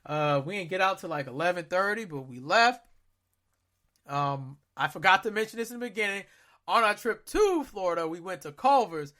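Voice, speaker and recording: A man co-hosting a podcast, recounting a trip in a loose, slangy, animated way. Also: sits high, fairly quick. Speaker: podcast co-host. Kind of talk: casual storytelling chat.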